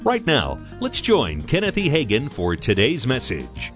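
A man reading a scripted radio program introduction in an animated announcer delivery. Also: mid-range voice, measured pace, soft background music.

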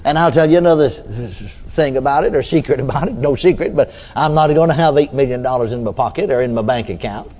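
A man's voice: mid-range voice, fairly quick, few pauses, a little mellow. An older man preaching a sermon in a folksy storytelling way, often adding amens and hallelujahs.

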